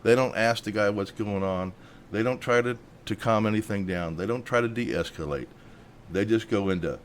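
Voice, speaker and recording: A man's voice: fairly low pitch, moderate pace, a little hiss or hum. Indignant man hosting a commentary show. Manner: indignant, worked up. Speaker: host.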